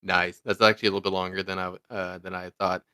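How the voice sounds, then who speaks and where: A man's voice: deep voice, flat delivery, bright, forceful tone, clear, resonant tone, no room sound, studio quality. A man co-hosting a casual podcast, joking and teasing as he chats. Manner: joking, quick to riff and tease. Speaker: podcast co-host.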